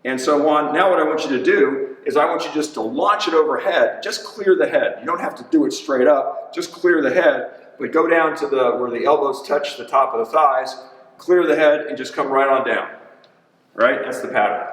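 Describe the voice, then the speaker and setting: A man's voice: mid-range voice, normal speed, a bit bright, recorded from a distance. A man, a personal trainer, coaching an exercise demo in a gym in an upbeat, chatty way and counting reps aloud. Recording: echoey gym, voice from off-mic.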